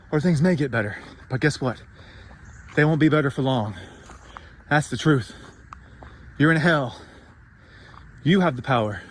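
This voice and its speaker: A man's voice: medium pitch, fairly bright tone, slight background noise. A man delivering an intense, profane motivational rant, rambling and mocking himself as he goes. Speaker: podcast host.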